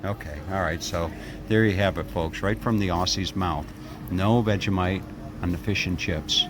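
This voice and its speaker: Deep-voiced American man vlogging outdoors. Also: moderate pace. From United States. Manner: rambling, folksy, restarts phrases often. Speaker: travel vlogger. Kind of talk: casual walk-and-talk vlog. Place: outdoors at a takeaway shop at night. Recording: outdoor street noise behind. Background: traffic and street ambience.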